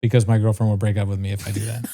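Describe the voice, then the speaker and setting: A man's voice: lowish voice, racing. Man telling a story, swearing. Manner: animated storyteller, swears freely, mimics voices. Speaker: podcast co-host. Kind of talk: casual storytelling chat.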